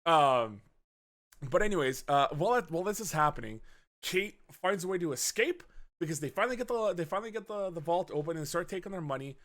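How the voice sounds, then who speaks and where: A man co-hosting a podcast, chatting casually about a movie, swearing often and acting out scenes in quick put-on voices. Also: on the high side, animated, fairly bright tone. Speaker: podcast co-host. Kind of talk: casual movie review chat.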